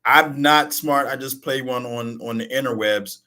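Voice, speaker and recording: A male talk radio co-host in casual, joking form. He rambles through stories packed with slang. His voice sits in a plain middle pitch. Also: normal speed, bright, forceful tone.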